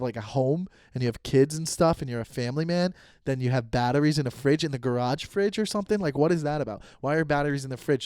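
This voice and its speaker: A man in his thirties hosts a solo comedy podcast, his mid-range voice captured in a dry, studio-quality recording. He rants in an animated, rambling, profane way and acts out quoted conversations.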